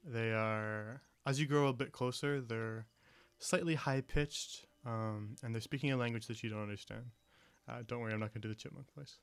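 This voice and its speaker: A man's voice: medium pitch, normal speed, clear, resonant tone. Easygoing male game master. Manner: relaxed, hesitant, many ums. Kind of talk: narrating a tabletop game.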